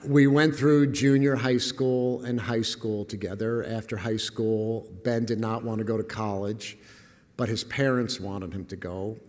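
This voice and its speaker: A man's voice: lowish voice, steady tone, measured pace, a little mellow. An older man giving a humorous storytelling lecture as guest speaker, wry and self-deprecating, chuckling at his own lines. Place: lecture hall. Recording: echoey lecture hall.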